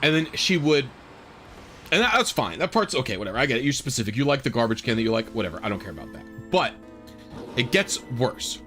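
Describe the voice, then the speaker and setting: A man's voice: medium pitch, very animated, fast talker, sharp tone, soft background music. A man streaming a game, rambling casually through a story with lots of fillers and exasperated asides. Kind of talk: casual storytelling while gaming.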